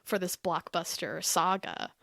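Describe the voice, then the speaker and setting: A woman talking as a podcast guest in a casual chat, animated and opinionated, with lots of "like". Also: on the low side, unhurried, vocal fry, no room sound. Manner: animated, opinionated, heavy use of "like".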